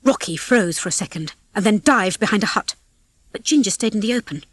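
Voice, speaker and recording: A woman reading a children's storybook aloud as narrator, in a lively, expressive way on a close mic. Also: mid-range voice, a little fast, no echo. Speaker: audiobook reader. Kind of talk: scripted narration.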